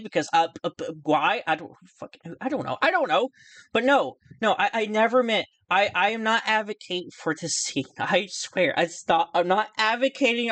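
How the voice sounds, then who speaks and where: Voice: medium pitch, dry recording. A YouTuber talking casually and nervously in a response video, stammering, restarting sentences and putting themself down, with the odd casual swear. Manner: nervous, stammering, self-deprecating, with frequent restarts. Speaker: YouTuber responding to another creator. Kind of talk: casual rambling video commentary.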